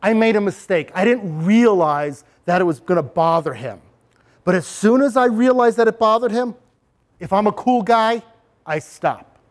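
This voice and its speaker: A middle-aged man presenting an anti-bullying workshop to parents, animated and acting out scenes. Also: sits high, moderate pace. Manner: animated, acts out scenes for the audience.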